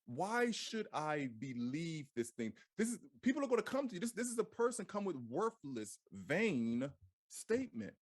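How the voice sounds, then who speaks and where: A man teaching from scripture in a casual, animated way, repeating phrases and firing off rhetorical questions. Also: a little high, normal speed, no echo, clean studio sound. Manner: casual slang-laced delivery. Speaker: Bible teacher.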